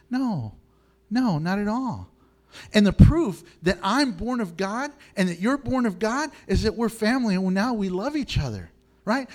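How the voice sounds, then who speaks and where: Middle-aged male pastor, high-pitched and animated, preaching with frequent laughs. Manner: animated, laughs often, swings from low to high. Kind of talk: sermon.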